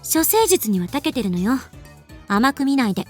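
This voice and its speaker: A woman voicing a brilliant, proud young female scientist in an anime game, brisk and self-assured. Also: sits high, big pitch swings, soft background music. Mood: confident.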